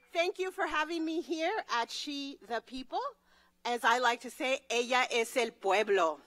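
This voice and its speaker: Energetic high-voiced woman speaking on stage. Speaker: executive director of an immigrant rights group. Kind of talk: conference speech. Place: conference stage.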